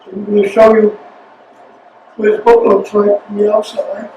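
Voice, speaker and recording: A man's voice: sits high, monotone, mellow. Man reading poems in a roomy hall. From China. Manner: halting, many hesitations between phrases. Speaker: featured poet. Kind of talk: poetry reading with spoken asides. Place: reading venue. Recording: roomy sound from a distant mic, faint noise.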